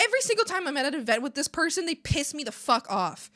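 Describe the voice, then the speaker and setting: A woman streamer chatting casually while she draws, animated and swearing freely, breaking into laughs and shouts. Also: high voice, fast talker, few pauses, dry recording, studio quality.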